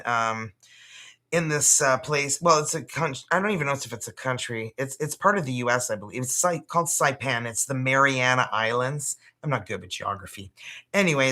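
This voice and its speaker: A woman's voice: rumbling low, fairly bright tone. A Canadian woman hosting a casual livestream, chatty and loose, swearing and laughing as she talks. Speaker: tarot reader hosting a livestream.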